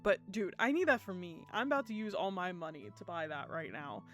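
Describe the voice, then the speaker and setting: A woman streaming a game live, talking to her chat in an excitable, gushing way, laughing often and swearing casually. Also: lowish voice, fairly quick, soft background music.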